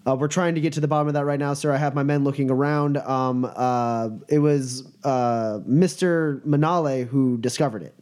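A man's voice: mid-range voice, fairly even intonation, moderate pace, few pauses, darkish tone, voice pushed up, lightly acted. A man voicing a nervous, apologetic male security chief who stammers and keeps saying sir. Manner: stammering, deferential, full of sirs.

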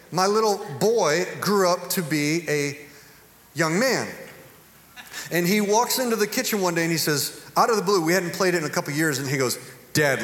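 Middle-aged pastor preaching in an echoey hall. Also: male voice, high voice. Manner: animated, humorous storytelling building to earnest preaching. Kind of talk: sermon. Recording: echoey hall with long reverb.

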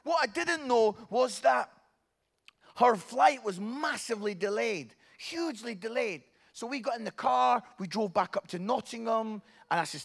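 Animated high-voiced Scottish preacher. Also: male voice, moderate pace, gravelly. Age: middle-aged. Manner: animated, swinging from hushed to near-shouting. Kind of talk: humorous sermon storytelling.

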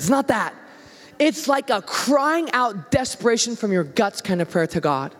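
A man's voice: extremely high pitch, lively intonation, moderate pace, fairly bright tone, long reverb tail. A man who is a youth pastor, preaching a conversational sermon and acting out the prayers and voices he quotes.

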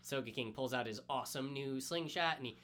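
A man co-hosting a podcast, excitedly retelling a story in casual chat and swearing freely. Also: mid-range voice, a little fast. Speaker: podcast co-host. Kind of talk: casual anime recap chat.

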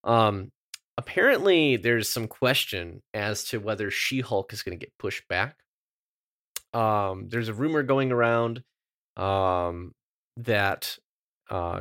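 A man's voice: medium pitch, fairly bright tone, no room sound, studio quality. A man hosting a casual podcast, upbeat and chatty, laughing easily as he runs through the news. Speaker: podcast host.

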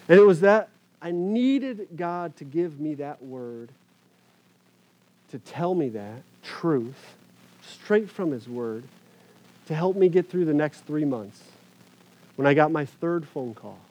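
A man who is a pastor, giving a personal faith testimony to an audience in an earnest, halting way, often repeating words and pausing on fillers. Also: on the high side, expressive, darkish tone, low-quality recording.

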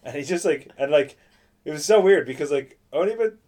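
A man chatting casually on a podcast and telling animated stories. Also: on the high side, fast talker. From Ireland. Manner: animated storyteller, puts on voices for others. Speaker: podcast co-host. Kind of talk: casual chat.

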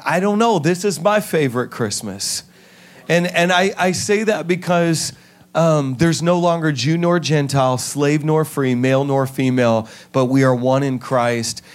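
A man preaching as a pastor in a large church, earnest and emotional, moving between a half-sung scripture reading and soft heartfelt talk. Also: a little high. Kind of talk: sermon.

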